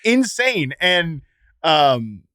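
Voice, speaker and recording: A man co-hosting a sports podcast, talking casually in an animated, joking way. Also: a little high, very slow, no echo, studio quality. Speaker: podcast co-host.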